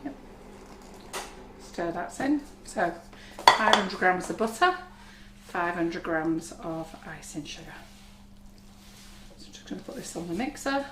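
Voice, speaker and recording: A woman with a husky voice, chatting reassuringly as she gives a live baking demonstration in a kitchen. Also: lowish voice, animated, a little slow, long pauses. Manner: chatty, reassuring, talks while working. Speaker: cake decorating instructor. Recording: echoey kitchen with faint noise.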